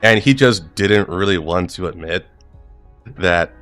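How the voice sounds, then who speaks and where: A man's voice: sits low, a little slow, fairly bright tone, soft background music. A gaming streamer casually telling a work anecdote, laid-back and chuckling as he goes.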